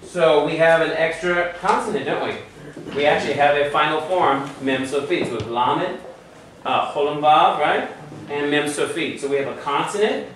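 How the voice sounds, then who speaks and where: A man's voice: a little high, moderate pace, fairly bright tone. A man teaching a Hebrew lesson patiently, drilling the class and checking in with frequent questions. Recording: echoey room from far off, faint hum.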